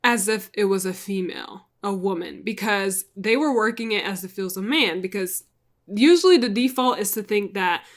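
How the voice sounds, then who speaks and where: A woman's voice: medium pitch, moderate pace. Chatty woman retelling a crime story. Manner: chatty, lots of "like", rhetorical asides to viewers. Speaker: storytelling vlogger. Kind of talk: casual storytelling retelling a TV episode.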